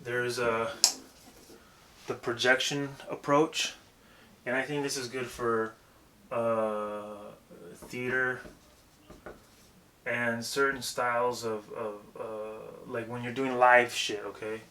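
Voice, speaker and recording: A young man giving a casual, profane, rambling lesson on vocal technique, breaking into loud demonstrations. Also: mid-range voice, little pitch movement, takes it slowly, long pauses, a little hiss or hum. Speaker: vocal coach.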